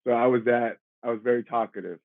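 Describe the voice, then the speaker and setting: A man's voice: mid-range voice, steady tone, quick pace, no room sound, phone-quality sound. A man in his thirties, an actor and podcast guest, talking casually and reflectively, laughing easily. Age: 30s. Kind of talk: casual interview chat.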